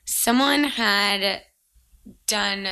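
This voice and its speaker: A woman's voice: mid-range voice, drawn-out words, clean tone. A young woman in her twenties telling a story in casual chat, acting out what people said and using "like" a lot. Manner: animated storyteller, acts out quotes, says "like" often.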